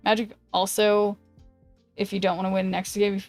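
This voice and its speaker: A woman streamer chatting casually while she plays a card game, thinking aloud and greeting viewers, with a voice that is going hoarse. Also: mid-range voice, level tone, normal speed, a little mellow, faint music behind. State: losing her voice. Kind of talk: casual gameplay commentary.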